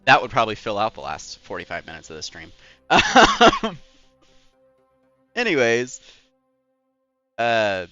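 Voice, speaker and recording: A man's voice: mid-range voice, huge pitch swings, measured pace, pauses often, pushed and bright, dry recording, dull audio, faint music behind. A young man streaming a game, chatting casually in a rambling, filler-heavy, self-deprecating way. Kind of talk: casual live-stream chat.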